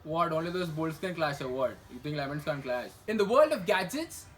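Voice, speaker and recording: Lively sarcastic man hosting comedy news. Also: on the high side, slight background noise, rough recording. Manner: sarcastic, quick asides and rhetorical questions. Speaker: comedy news show host. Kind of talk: satirical news monologue.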